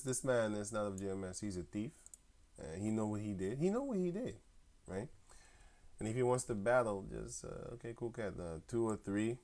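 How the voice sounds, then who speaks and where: Profane animated man telling a story. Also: fairly low pitch. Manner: animated, profane, slangy, acts out both sides of phone arguments. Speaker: camp member telling a story. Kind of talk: casual storytelling rant.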